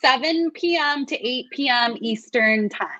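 A woman guest chats casually, upbeat and agreeable. Her voice sits a little high, and the recording sounds dull and muffled. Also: unhurried, bright, forceful tone, no echo. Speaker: guest, new show host. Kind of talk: casual chat.

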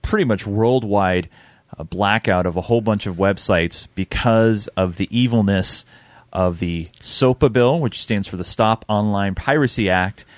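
A man's voice: on the low side, unhurried, no echo. A man in his thirties hosting a podcast, rambling a little and laughing easily, on a close desk mic. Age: 30s. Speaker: podcast host. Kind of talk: casual chat.

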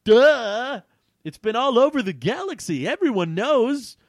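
A man voicing a hotheaded young male prison inmate in a story he reads aloud, shouting with exasperation. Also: very high-pitched, sing-song, measured pace, no echo, studio quality, pitched above the performer's own voice, exaggerated voice. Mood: exasperated.

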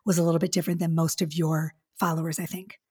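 A woman hosting a relationship podcast, effusive and chatty, talking in quick asides and gushing over her guest. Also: deep voice, little pitch movement, dark tone, husky. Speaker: podcast host.

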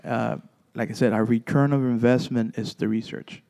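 A man with a warm, mellow voice tells stories from his paranormal investigation group in a chat. He stumbles through fillers and restarts, then slips into the voices of the people in his story. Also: medium pitch, fairly even intonation, vocal fry. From Texas. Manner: halting, many fillers and restarts, acts out dialogue.

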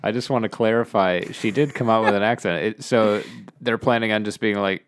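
A man's voice: lowish voice, brisk. A man co-hosting a casual podcast, chiming in with wry, joking remarks. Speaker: podcast co-host. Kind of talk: casual chat.

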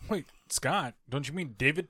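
A man's voice: a little high, moderate pace, pushed and bright, no echo. A man hosting a casual podcast, joking around, swearing freely and laughing often. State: hiccuping. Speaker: podcast host. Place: indoor studio setup.

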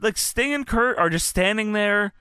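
A man's voice: high voice, lively intonation, pushed and bright, smooth, dry recording, studio quality. A young man co-hosting a podcast, chatting in a laid-back way and laughing often. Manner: laid-back, laughing, swearing, quick impressions. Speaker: podcast co-host. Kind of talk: casual chat.

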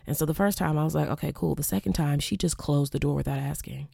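A young woman, a former college teacher, hosting a candid storytelling monologue, profane and animated, acting out quoted exchanges. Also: low voice, fast talker, gravelly, slightly rough, no room sound, clean studio sound.

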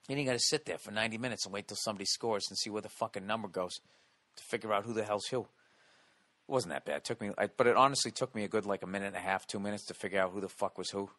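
A man from the States rants his way through stories with a mid-range voice that sits at an ordinary pitch. He is loud and animated, swears freely and keeps checking in with the listener through quick "okay?" and "all right?" asides. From United States. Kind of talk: profane comedic storytelling rant.

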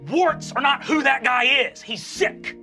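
A man voicing a gruff, profane male guidance counselor who is furry, blunt and rough, dropping to a hush and rising to a shout. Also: on the high side, expressive, a little fast, soft background music. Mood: fired up.

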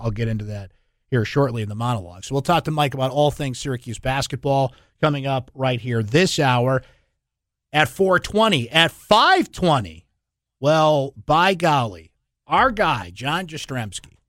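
A man hosting a sports talk radio show in a studio, chatty and energetic, laughing often. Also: mid-range voice, no echo.

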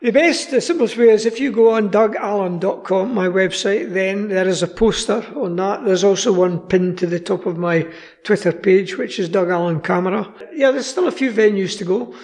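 A Scottish man chatting as a guest in a high, gravelly voice, rambling along with plenty of asides. A long reverb trails behind his words. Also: moderate pace, a little mellow. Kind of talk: casual radio chat.

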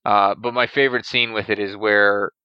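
A man with a lowish, clear, resonant voice and fairly even intonation speaks at a moderate pace, in a dry, lo-fi recording. Co-hosting a casual movie podcast, he enthusiastically walks through film scenes and explains military weapons and terminology with clear knowledge of guns.

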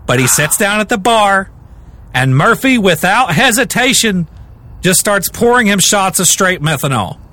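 A male podcast host telling a story in casual chat, animated and often repeating words as he starts a sentence. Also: high-pitched, unhurried, slight background noise.

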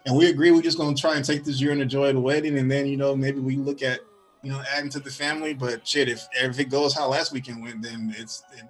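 Fast-talking candid man in his thirties. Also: mid-range voice, little pitch movement, faint music behind. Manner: candid, laughing, storytelling. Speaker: podcast co-host. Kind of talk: casual chat.

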